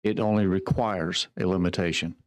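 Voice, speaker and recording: A man's voice: sits low, steady tone, normal speed. A man sitting on a committee, who puts a careful, polite question during a formal hearing. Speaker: committee senator.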